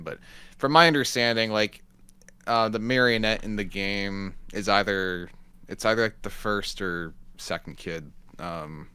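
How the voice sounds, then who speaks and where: A man's voice: sits low, bright, forceful tone, clean tone. A man co-hosting a podcast, laid-back, explaining game lore with hesitant restarts. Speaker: podcast co-host. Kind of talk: casual podcast chat.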